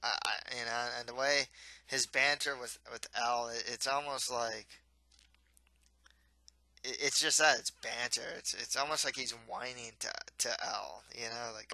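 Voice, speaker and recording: A man's voice: mid-range voice, normal speed, sharp tone, dry recording, poor audio. A young man casually reviewing a manga, rambling with lots of fillers and restarts.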